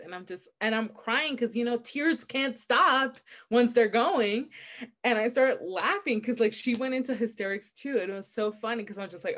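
Brief: young woman podcast co-host, chatty and animated, quick to laugh while telling stories. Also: fairly high pitch. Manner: animated storyteller, laughs often. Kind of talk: casual book chat.

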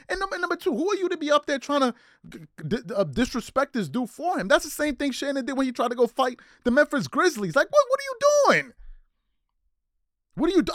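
Fired-up man ranting, high animated voice. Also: no echo, clean studio sound. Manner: heated, incredulous, repetitive rhetorical questions. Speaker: sports commentary host. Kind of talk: animated sports rant.

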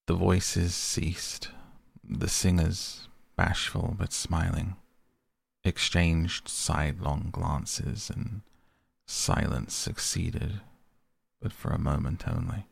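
A man reads a classic tale as a bedtime story in a soft, unhurried way. His voice is very low and heavily gravelly with a husky edge, taken slowly. The sound is dry and close. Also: steady tone, no echo. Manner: softly spoken, unhurried. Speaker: audiobook narrator, podcast host. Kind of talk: bedtime sleep story reading.

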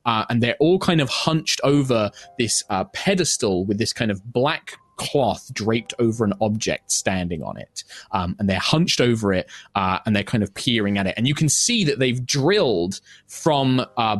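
A man's voice: mid-range voice, no room sound. A man narrating as game master in a tabletop game, rambling with many fillers.

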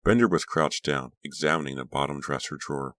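Audiobook narrator: deep-voiced man, steady and measured, dry booth sound. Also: dry recording. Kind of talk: scripted narration.

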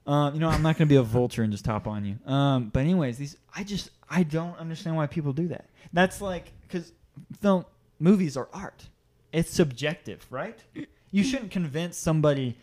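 Animated male podcast storyteller. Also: mid-range voice, normal speed. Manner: animated storyteller, laughs often, does voices. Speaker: podcast co-host. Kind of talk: casual podcast chat.

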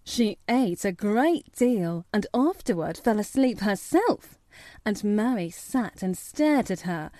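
A woman giving steady, measured scripted narration of a children's classic for an audiobook. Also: mid-range voice, dry recording, studio quality.

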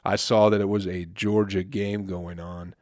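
A man's voice: low voice, level tone, measured pace, a little mellow, no room sound. A man hosting a podcast, ranting with constant swearing and laughing at his own jokes, his throat dry. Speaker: podcast host. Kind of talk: profane comedic rant.

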